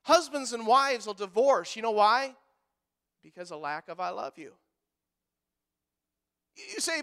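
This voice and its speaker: A man pastor preaching a sermon in a church, animated and joking with the congregation, acting out quotes in other voices. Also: very high-pitched, measured pace, pauses often, smooth.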